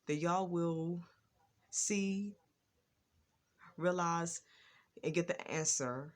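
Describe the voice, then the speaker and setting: A woman vlogger talking to her viewers, stuttering at times and repeating words and phrases in an earnest, preachy way. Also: sits low. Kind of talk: personal talk to camera.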